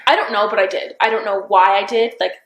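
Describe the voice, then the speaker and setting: Halting young woman in an echoey room. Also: medium pitch. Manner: halting, full of "like" and restarts, unsure. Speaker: interviewee recounting events. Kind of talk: recorded police interview. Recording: roomy interview room recording.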